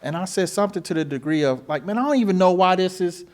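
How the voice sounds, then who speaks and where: A man in his forties, hosting a podcast and telling his story in a casual, animated way, acting out phone calls with voices and swearing. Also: high voice, quick pace.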